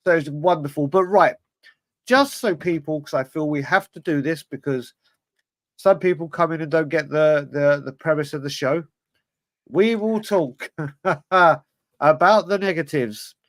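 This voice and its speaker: A chatty man hosts a casual fan podcast, his voice sitting a little high for a man. The sound is close and dry, with no room around it. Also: a little slow, fairly bright tone, dry recording. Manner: chatty, greets viewers one by one. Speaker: podcast host.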